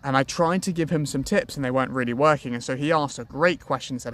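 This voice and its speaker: A man giving sales-training advice to camera in a lively, colloquial, self-deprecating way. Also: medium pitch, fast, a little hiss or hum.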